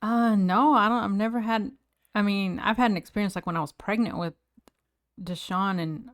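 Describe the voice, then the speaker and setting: A woman's voice: medium pitch, fairly even intonation, moderate pace. A woman co-hosting a podcast, chatting casually in a teasing way and laughing easily. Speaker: podcast co-host. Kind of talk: casual chat.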